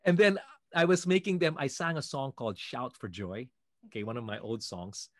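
Male guest singer from the Philippines, lively storyteller who acts out other people's lines, mid pitch, dry sound. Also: moderate pace, no room sound. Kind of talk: animated storytelling.

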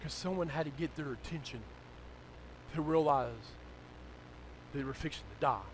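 A male pastor, preaching a sermon that moves from low, conversational storytelling to loud, shouted exhortation. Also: moderate pace, slight background noise, poor audio.

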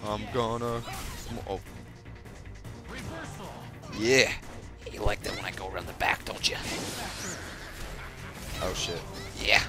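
A young man hosting his gaming video, giving profane, excitable commentary with sudden yelps while he plays. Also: on the low side, takes it slowly, long pauses. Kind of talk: profane live gameplay commentary. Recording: game music behind voice.

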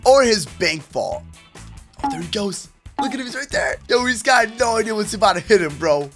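A young man hosting a gaming video, giving energetic commentary in a hyped, hushed, sneaky way. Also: high voice, normal speed, soft background music. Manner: hyped, hushed stealth narration.

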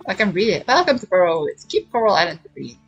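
A woman streamer chats through a farming game in a soft, slightly breathy voice at an everyday pitch. She reads the characters' lines aloud and answers them playfully, often repeating short phrases twice. Quiet game music plays underneath. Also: very animated, fast talker, highs cut off. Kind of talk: casual gameplay chat, reading dialogue aloud. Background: faint game music.

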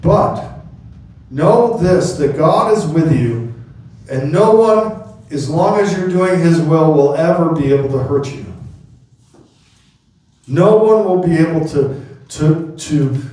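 A man's voice: on the high side, animated, slow, pauses often, warm tone. A middle-aged male pastor preaching a sermon, telling stories and calling out amen to the congregation. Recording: very echoey hall, mic from a distance.

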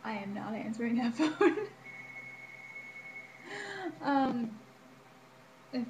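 Young woman vlogging, kinda high voice, rambly with lots of ums, roomy echo and faint hiss. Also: drawn-out words, pauses often. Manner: chatty, frequent ums and likes, laughs between remarks. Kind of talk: casual personal health update vlog. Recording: echoey room with faint ambient noise.

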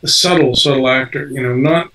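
A man's voice: medium pitch, fairly even intonation, fairly quick, bright, forceful tone, distant mic, rough recording. An older man, an actor being interviewed, talking casually with lots of fillers and restarts. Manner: rambling, many fillers and restarts. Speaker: actor guest.

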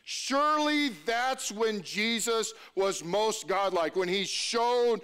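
A man preaching in a relaxed, conversational way, stumbling over restarts and tossing rhetorical questions to his listeners. His voice sits high for a man and rings smooth and clear. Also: takes it slowly. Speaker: pastor. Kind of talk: sermon.

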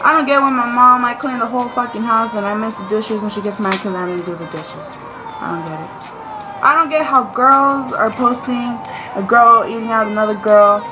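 A woman with a fairly high voice rants into the camera, loud, exasperated and full of swearing. Music plays clearly behind her the whole time. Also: low-quality recording. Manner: profane, ranting, loud and exasperated. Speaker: vlogger. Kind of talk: ranting vlog. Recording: music playing loudly behind.

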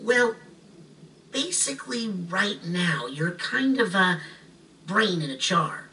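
Casting: a bright, lively, inquisitive young boy hero, heard at a distance over music. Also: medium pitch, slow pace, a little hiss or hum. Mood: reassuring. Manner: earnest, inquisitive, gently coaxing. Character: curious, earnest young psychic boy.

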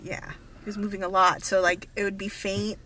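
A woman's voice: mid-range voice, moderate pace, slight background noise, low-quality recording. A woman, chatting casually and teasingly for a vlog from a car. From Hawaii. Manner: relaxed, giggly, teasing. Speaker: vlogger.

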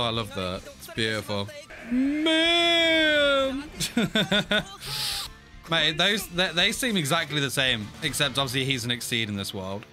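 A young man giving excitable casual reaction commentary, often laughing. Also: mid-range voice. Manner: excitable, frequent laughter and "mate". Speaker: anime reaction host.

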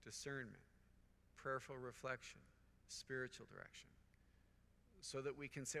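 Earnest priest preaching in a hall. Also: male voice, medium pitch, normal speed, creaky, long pauses, bright, forceful tone. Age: middle-aged. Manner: earnest, repetitive preaching cadence with anecdotes. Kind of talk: conference homily. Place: large conference hall.

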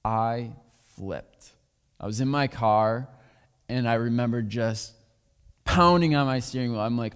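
A man's voice: mid-range voice, measured pace, pauses often, clear, resonant tone. A man preaching a sermon as pastor, talking candidly and sharing personal stories. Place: church sanctuary. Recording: long hall reverb.

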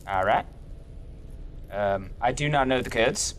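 A man's voice: medium pitch, slow pace, slight background noise. A young man doing let's play commentary, goofy and joking, swearing as he plays. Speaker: gaming youtuber.

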